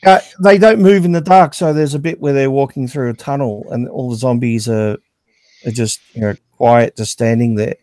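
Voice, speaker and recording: A man's voice: medium pitch, steady tone, normal speed, darkish tone, dry recording. A man co-hosting a casual movie review podcast, talking hesitantly with frequent restarts. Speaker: podcast co-host.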